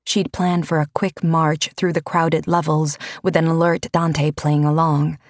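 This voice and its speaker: A woman narrating a fantasy audiobook in a measured, unhurried storytelling manner. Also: low voice, level tone, no room sound.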